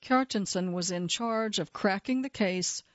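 A woman narrating a true-crime story in a measured, steady scripted delivery. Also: medium pitch, no echo. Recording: slightly dull, dry studio sound.

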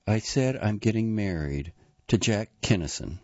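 A man reading an audiobook, voicing a tired, stubborn older mother who talks plainly and defends herself quietly. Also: lowish voice, animated, unhurried, no room sound, dull audio, voice pushed up.

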